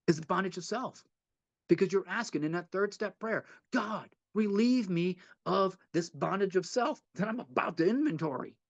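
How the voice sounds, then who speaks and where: A high-pitched man leads a twelve-step study session, teaching informally in an earnest, repetitive way and often checking in with a rhetorical "right?" The audio is dull, with no room sound.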